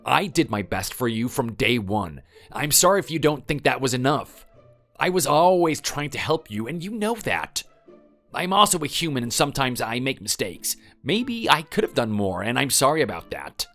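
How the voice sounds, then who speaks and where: A man's voice: medium pitch, big pitch swings, moderate pace, a bit bright, faint music behind. A man voicing a defensive husband clinging to his marriage, in a pleading, insistent manner. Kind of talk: scripted dialogue drama.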